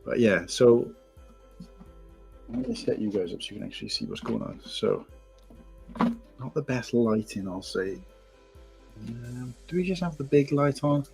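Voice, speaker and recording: A man's voice: medium pitch, sing-song, measured pace, vocal fry, pauses often, husky. A man hosting a casual live stream from home, rambling and greeting viewers by name. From England. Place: home room at night. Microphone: desk mic, no headphones. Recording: faint background music. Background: quiet background music.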